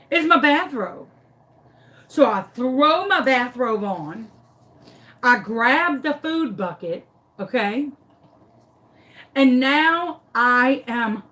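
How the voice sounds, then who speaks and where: Animated, dramatic storytelling woman. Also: a little high. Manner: animated, dramatic, self-mocking. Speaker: crafting vlogger. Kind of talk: comic storytelling in a craft tutorial.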